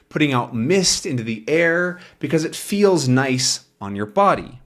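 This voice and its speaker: A man's voice: mid-range voice, lively intonation, normal speed, a bit bright. A man teaching English from a comic, patiently explaining words and often checking in with "right?". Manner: acts out sounds and voices.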